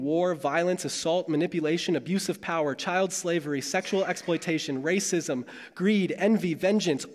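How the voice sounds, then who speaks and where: A male pastor with a slightly high voice delivers his sermon in a measured, dramatic way, leaning into long pauses. His voice carries a lingering reverb from the hall around him.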